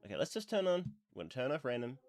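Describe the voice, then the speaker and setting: A man's voice: medium pitch, sing-song, racing, darkish tone, a little hiss or hum. A man talking casually on his livestream, rambling with lots of fillers, a bit stuffy from blowing his nose. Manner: rambling, chatty, with many fillers. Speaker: streamer.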